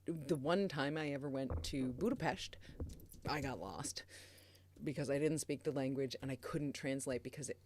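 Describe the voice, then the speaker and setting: A woman's voice: deep voice, a little mellow, slight background noise. Amused woman co-host. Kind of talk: casual chat on a live show.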